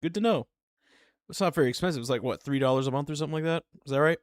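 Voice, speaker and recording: A man's voice: medium pitch, very fast, clean tone, dry recording, clean studio sound. A man chatting casually while reacting to videos on his stream, rambling through stories with giggling asides.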